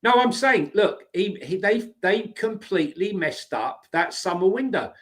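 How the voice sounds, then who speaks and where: High-voiced man arguing football opinions. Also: big pitch swings, measured pace. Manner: emphatic, argumentative, repeats himself. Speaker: podcast co-host. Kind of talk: casual football discussion.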